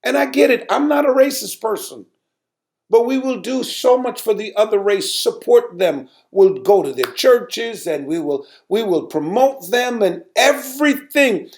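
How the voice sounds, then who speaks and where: Animated storytelling male pastor. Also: high-pitched, unhurried. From United States. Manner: animated, repeats words, rises sharply when telling of anger. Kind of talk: storytelling sermon talk.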